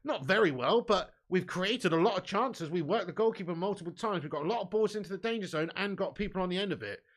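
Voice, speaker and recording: A man's voice: sits high, lively intonation, fast talker, a bit bright. A man hosting a live match watch-along, reading out viewer chat with blunt, sweary football banter and lots of "mate" and "bud". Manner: chatty, often adds "mate" and "bud". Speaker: fan channel host reading live chat.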